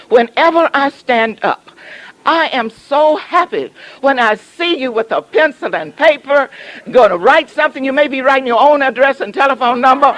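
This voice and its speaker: A woman's voice: sits high, fairly bright tone, no echo, rough recording. A woman pastor from the southern United States preaching a sermon, telling a story with humor and teasing her congregation.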